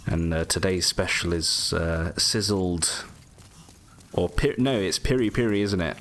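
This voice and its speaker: A man's voice: low voice, normal speed, a bit bright, a little hiss or hum. A man giving casual, rambling gameplay commentary full of jokey asides.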